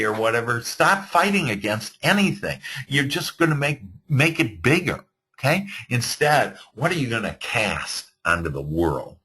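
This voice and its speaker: Lively, earnest male motivational speaker. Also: medium pitch, normal speed. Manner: earnest, animated, with many fillers and restarts. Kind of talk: motivational talk. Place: virtual webinar.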